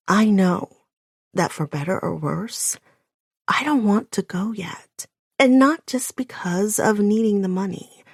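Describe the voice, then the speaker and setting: A woman's voice: mid-range voice, unhurried, breathy edge, dry recording, clean studio sound. A woman reading a first-person audiobook, breathless and often dropping to a whisper. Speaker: audiobook narrator.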